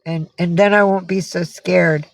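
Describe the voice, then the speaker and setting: A woman's voice: fairly low pitch, steady tone, a little slow, vocal fry, dry recording. A woman from upstate New York hosting a casual livestream, chatting with viewers, greeting them by name and swearing freely. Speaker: livestream host.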